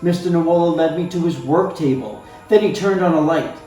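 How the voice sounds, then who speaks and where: A man's voice: fairly high pitch, a little fast. Man reading a story aloud, very echoey. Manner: expressive, playful, talks to the listener. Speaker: storybook reader. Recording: very echoey room, faint music.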